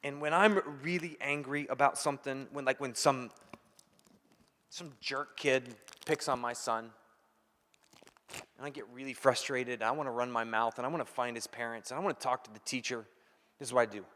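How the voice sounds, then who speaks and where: A man preaching a sermon as pastor, emphatic, repeating key phrases and dropping from loud to hushed. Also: mid-range voice, fairly even intonation, normal speed, big-room sound.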